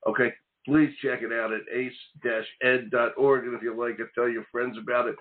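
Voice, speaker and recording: A man hosting a talk radio podcast, chatty and a bit rambling. His voice sits at an ordinary middle pitch. It comes through a narrow, phone-like line. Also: flat delivery, fairly quick. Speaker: host.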